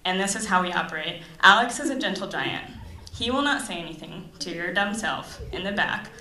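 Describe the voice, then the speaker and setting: A young woman from Florida doing stand-up in a comedy club, her voice bright and sharp. She talks in a chatty, sarcastic way full of "like" fillers, and the room gives back a roomy echo. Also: lowish voice, lively intonation, brisk. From Tampa Bay, Florida. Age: young adult.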